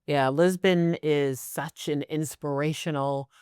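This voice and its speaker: An American-accented host, born in the United States, leading a casual podcast interview. The host speaks in a thoughtful, measured way, with occasional fillers. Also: medium pitch, steady tone, darkish tone, clear, resonant tone, no room sound, studio quality.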